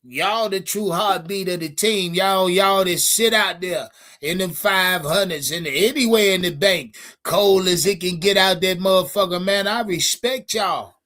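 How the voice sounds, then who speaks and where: A high-pitched man hosts a live sports stream. He talks casually and profanely, calling out to his chat in an animated way. His voice sits well above the usual range for a man. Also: measured pace.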